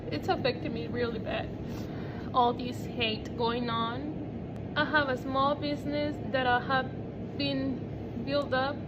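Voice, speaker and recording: A woman who owns a salon, making an earnest, hesitant personal statement. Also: sits high. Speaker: salon owner. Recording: dull audio with loud traffic noise.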